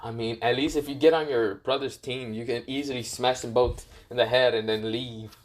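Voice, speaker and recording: A man's voice: mid-range voice, steady tone, moderate pace, lightly acted. A man voicing a crude, grumbling male fox spirit that curses bluntly in a fan story. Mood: grudging. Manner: cursing, blunt.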